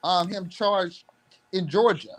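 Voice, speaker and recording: A young man joining a livestream chat as a guest, speaking hesitantly with many pauses and restarts. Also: sits high, fairly bright tone. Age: young adult.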